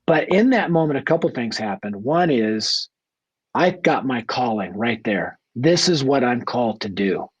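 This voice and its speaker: A man's voice: medium pitch, expressive, moderate pace, breathy edge, dry recording, dull audio. A man from Denver, a guest evangelist, telling his life story in a radio interview with blunt, earnest directness, acting out family dialogue. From Denver, Colorado.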